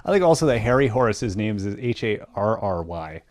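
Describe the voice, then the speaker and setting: A man's voice: lowish voice, very animated, fairly quick, a little mellow, no room sound. A man co-hosting a podcast, trading wry, amused banter in casual chat. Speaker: podcast co-host.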